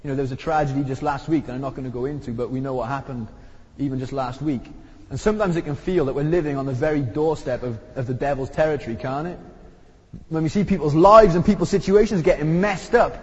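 A man's fast, slightly rough voice fills a church hall as he preaches despite a sore throat. His sermon is conversational and emphatic, rising in pitch on key ideas, and the dull recording rings with long reverb.

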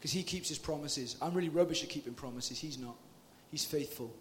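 A man's voice: on the high side, a little fast, a little hiss or hum. A man from Britain, preaching a sermon to a crowd with impassioned, casual, slangy directness.

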